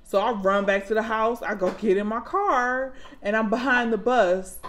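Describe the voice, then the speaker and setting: A woman in her thirties telling stories about her kids in a casual vlog, dramatic and animated, jumping into loud high outbursts when she acts out moments. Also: moderate pace, a little hiss or hum. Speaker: mom vlogger.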